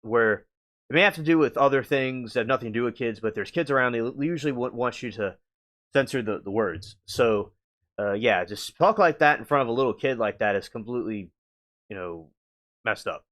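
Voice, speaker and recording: A man hosting a live stream, reacting casually to chat, halting and meandering with many restarts. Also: medium pitch, fairly bright tone.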